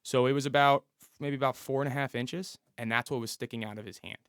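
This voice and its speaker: A man's voice: medium pitch, steady tone, quick pace, fairly bright tone, smooth, no room sound, clean studio sound. A man in his thirties, a police officer and podcast guest, telling a story and acting out what people said. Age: 30s. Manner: vivid storyteller who acts out the dialogue. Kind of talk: storytelling interview.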